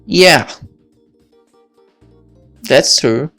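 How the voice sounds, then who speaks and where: A woman voicing a thoughtful high school senior girl while reading a visual novel aloud, in a musing inner-monologue manner. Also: animated, drawn-out words, fairly bright tone, soft background music, full character voice. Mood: reluctant.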